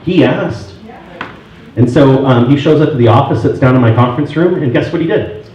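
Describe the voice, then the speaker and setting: A man's voice: medium pitch, moderate pace. Man telling sales stories in an echoey room. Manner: animated, acts out both sides of phone calls. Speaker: real estate trainer. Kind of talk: storytelling talk at a sales meeting. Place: meeting room. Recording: very echoey room, distant, dull and muffled, faint noise.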